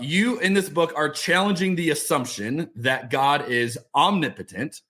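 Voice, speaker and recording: A man's voice: fairly high pitch, lively intonation, moderate pace, sharp tone. A middle-aged man hosting a podcast, talking casually with many restarts and fillers. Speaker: podcast host. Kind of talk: casual interview chat.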